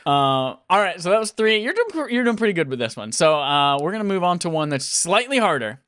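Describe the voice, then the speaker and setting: Lively higher-voiced man hosting a podcast. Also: brisk, no echo, clean studio sound. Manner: upbeat, laughs often, runs a quiz game. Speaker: podcast host. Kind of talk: casual gaming podcast chat.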